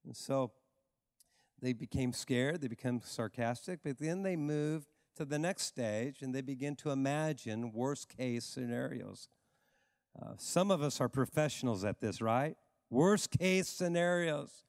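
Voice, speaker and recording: A male pastor preaching a sermon in an emphatic way, repeating phrases and dropping low for stress. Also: unhurried, no room sound, clean studio sound, in a large hall.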